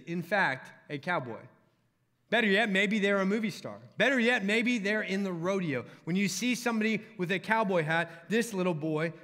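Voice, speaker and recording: Young Texan male pastor, bright and ringing, storytelling sermon style, recorded in a reverberant hall. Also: high voice. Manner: storytelling, joking with the crowd. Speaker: college ministry pastor. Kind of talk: sermon to students.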